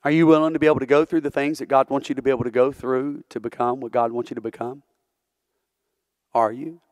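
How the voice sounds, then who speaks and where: A man's voice: medium pitch, level tone, quick pace, a little mellow, dry recording. Man, church preacher, earnest sermon, rhetorical questions, dry close sound. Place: church sanctuary.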